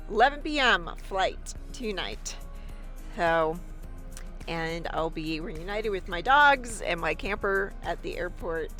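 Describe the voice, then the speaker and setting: A woman's voice: mid-range voice, bright, forceful tone. A woman in her sixties vlogging on a forest hiking trail into a handheld camera, speaking in an earnest, encouraging way and laughing often. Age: 60s. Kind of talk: reflective outdoor vlog talk.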